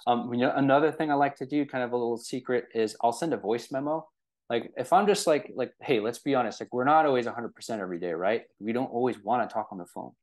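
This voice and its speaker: A fast-talking man with a medium-pitched, darkish voice leads a real estate training casually, regularly checking in with listeners. His speech is full of fillers and rhetorical "right?".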